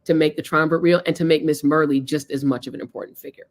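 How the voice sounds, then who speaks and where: A woman guest telling stories in a conversation, expressive and blunt, laughing a lot. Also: low voice, fast. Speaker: interview guest. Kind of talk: animated storytelling in conversation.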